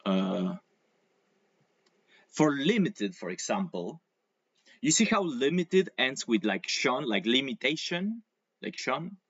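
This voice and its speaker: A man's voice: mid-range voice, big pitch swings, takes it slowly, gravelly, long pauses, a bit bright, slightly rough. A man whose first language is Spanish teaches English on a video call, and his speech rises and falls a great deal. He explains patiently and stretches words to show the stress. The sound is dull and dry, with no room echo. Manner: patient, explains with examples and over-exaggerated pronunciation. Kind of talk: online English lesson.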